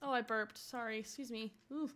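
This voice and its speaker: Woman streamer, high and bright, giggly casual gameplay chatter. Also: steady tone, moderate pace, slight background noise. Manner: giggly, chatty, reacts aloud to characters.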